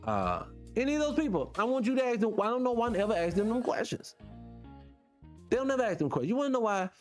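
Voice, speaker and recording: Male host, heated livestream rant, swears freely, very lively pitch, faint music underneath. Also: quick pace. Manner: fired-up, profane, talks to viewers directly. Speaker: show host.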